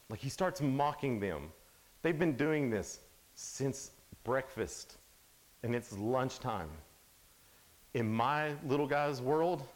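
A man in his thirties giving an animated youth camp sermon, storytelling and acting out the characters' lines. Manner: animated storytelling, acts out quotes in a higher voice. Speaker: camp speaker.

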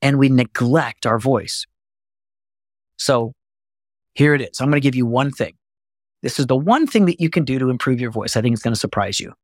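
A man's voice: medium pitch, animated, normal speed, long pauses, no echo, clean studio sound. A man teaching as a voice coach, explaining things earnestly and step by step. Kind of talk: instructional talk to camera.

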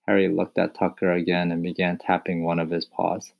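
A man narrating a children's audiobook in a calm, measured way. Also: low voice, vocal fry, lo-fi sound. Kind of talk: scripted narration.

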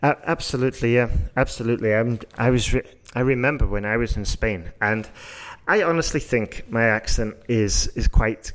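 A man from England with a Yorkshire accent, an IELTS teacher talking through exam tips in a relaxed discussion, often restarting and rephrasing as he thinks. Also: mid-range voice, normal speed. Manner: thoughtful, restarts and rephrases as he explains. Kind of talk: casual discussion.

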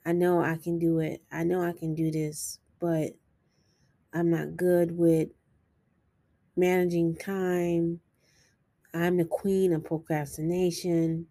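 Woman vlogger, earnest and halting, speaks slowly in a low, mellow voice. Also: little pitch movement, no echo. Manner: earnest, self-encouraging, halting. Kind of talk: personal confessional vlog.

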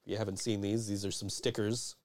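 A man's voice: lowish voice, flat delivery, fairly quick, darkish tone. A man hosting a podcast in casual chat, swearing freely and rambling with many restarts. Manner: profane, rambling, frequent restarts and laughs. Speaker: podcast host.

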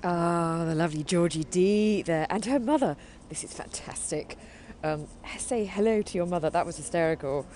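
An English woman hosting a chat show, her voice sitting low. She rambles casually, circling her points with plenty of "sort of" and "um." There's a faint hum of background noise. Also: normal speed, hardly any pauses, darkish tone. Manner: rambling, many fillers and hedges. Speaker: host.

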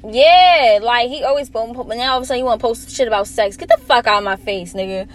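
A young woman with an American accent, chatting casually and telling a story in a blunt, profane, animated way. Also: a little high, racing. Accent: American English, Delaware. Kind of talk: casual chat.

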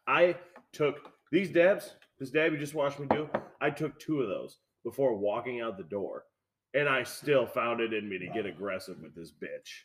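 A man's voice: medium pitch, expressive, moderate pace. Foul-mouthed man telling a story. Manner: storytelling, swears freely, laughs often. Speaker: podcast host. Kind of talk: casual profane chat.

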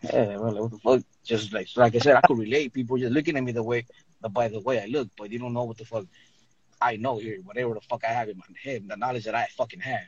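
A man's voice: mid-range voice, steady tone, quick pace, husky. A man telling heated stories in a casual group chat, swearing freely as he talks. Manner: profane, heated storytelling. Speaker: podcast guest sharing stories, bus company worker and student. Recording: dull, lo-fi sound.

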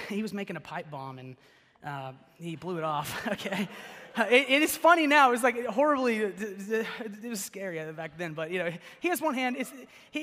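A young man giving a casual sermon in a church, telling stories in a chatty, animated way full of "like" and "okay?". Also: sits high. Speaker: pastor. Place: church sanctuary. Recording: long reverb of a large hall.

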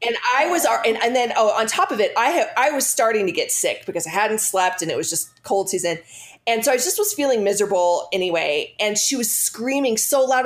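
A woman's voice: a little high, animated, brisk. A woman in her thirties telling a personal story in casual chat, rambling with many fillers and restarts.

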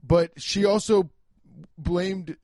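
A young man hosting a casual solo podcast, talking loudly and emphatically, swearing and poking fun at himself. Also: high voice, fairly even intonation, slow pace, dry recording, studio quality. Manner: loud, emphatic, swearing, self-mocking. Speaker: podcast host. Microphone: home podcast mic.

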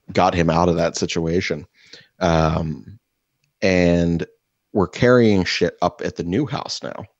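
A young man with a very deep, low voice rambles through profane stories in casual podcast chat. The sound is dry and a bit dull, like a close home mic. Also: darkish tone, dry recording. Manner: swearing, rambling storyteller. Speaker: podcast co-host.

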